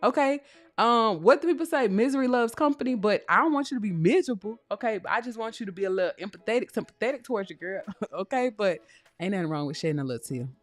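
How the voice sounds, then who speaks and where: A woman's voice: medium pitch, expressive, quick pace, faint music behind. A young woman from Texas hosting a live podcast, reading viewer comments aloud and chatting casually with plenty of laughter and teasing. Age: young adult. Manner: reads chat comments aloud. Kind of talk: casual live-stream chat. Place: home. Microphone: close microphone.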